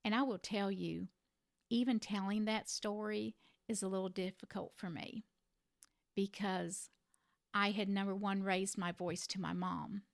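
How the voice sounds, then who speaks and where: A middle-aged woman who cared for a parent, telling a personal story to the camera in an earnest, reflective way with gentle emphasis. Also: medium pitch, fairly even intonation, measured pace, gravelly, no room sound, clean studio sound. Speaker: family caregiver sharing advice.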